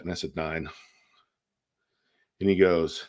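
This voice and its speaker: On a laid-back podcast, a co-host with a very deep voice spins a lengthy anecdote, chatting loosely. He performs the quoted lines with animation, padding his pauses with frequent ums and likes.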